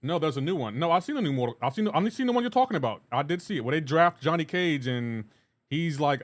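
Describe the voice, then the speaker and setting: This gaming streamer talks at a quick pace in a slightly high, sing-song voice. Easygoing, he reads chat aloud and responds as he plays, his rambling speech full of restarts and side remarks about what's happening in the game.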